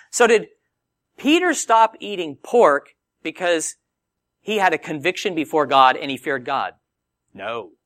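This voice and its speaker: A male preacher whose lively voice swoops widely in pitch, set fairly high for a man. He teaches in a conversational, animated way and speaks close to a dry microphone with no room sound. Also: measured pace, no room sound. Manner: animated, conversational Bible teaching with acted quotes. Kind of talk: sermon.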